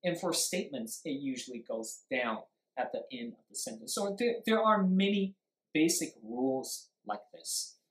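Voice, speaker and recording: In a live-streamed lesson on stress and intonation, an emphatic speaking teacher acts out sample sentences to show where pitch rises and falls, briefly switching into Mandarin to explain. The middle-pitched voice is very animated at normal speed, in a noticeably echoey room.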